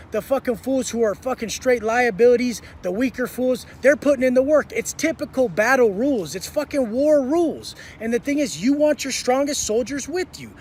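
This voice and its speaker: A man's voice: very high-pitched, a little hiss or hum. A man telling prison stories in an intense, blunt monologue, swearing heavily. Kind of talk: profane storytelling monologue.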